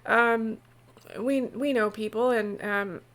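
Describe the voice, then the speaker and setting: A woman's voice: a little high, fairly even intonation, a bit bright. A woman voicing a worried adult woman who halts and stumbles while welcoming guests in a tabletop game. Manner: flustered, halting. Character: anxious grown woman host, strained politeness.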